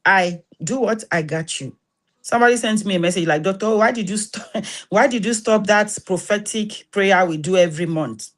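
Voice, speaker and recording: A woman with a Nigerian Yoruba accent talks to her listeners in an animated, pastoral way. She slips into Yoruba phrases and swings up into preacher-like emphasis, then settles into prayer. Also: medium pitch, moderate pace. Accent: Nigerian, Yoruba-influenced. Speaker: host and massage therapist. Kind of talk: spoken talk with prayer.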